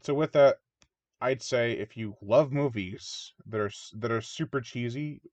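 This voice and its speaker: A man's voice: mid-range voice, measured pace, a little mellow, no echo. Chatty man reviewing a horror movie. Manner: rambling, chatty, mock voices for characters. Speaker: movie reviewer, channel host. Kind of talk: casual spoken movie review. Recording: dull lo-fi dry recording.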